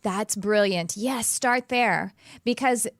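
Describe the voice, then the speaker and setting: An earnest woman hosts a relaxed podcast conversation, often restarting her sentences as she thinks out loud. Her voice sits at a middle pitch, and the sound is dry and close, with no room echo. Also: slow pace. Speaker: podcast host. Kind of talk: casual conversational interview.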